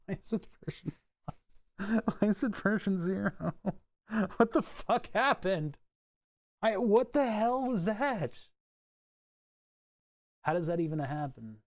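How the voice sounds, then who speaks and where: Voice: mid-range voice, animated, takes it slowly, pauses often. Streamer type: mid-range voice, casual, profane, laughs off technical failures. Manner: thinks aloud, swears, laughs at own frustration. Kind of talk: casual live-stream chat while fixing software.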